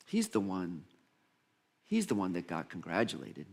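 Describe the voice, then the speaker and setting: Animated man preaching a sermon. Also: deep voice, measured pace, gravelly. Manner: animated storyteller, acting out voices of Bible figures. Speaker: minister.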